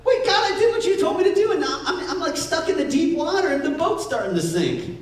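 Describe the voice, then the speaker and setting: A man's voice: very high voice, sing-song, brisk, voice pushed up. A man voicing an anxious believer pleading with God in a whiny, worried tone. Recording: echoey hall, distant mic.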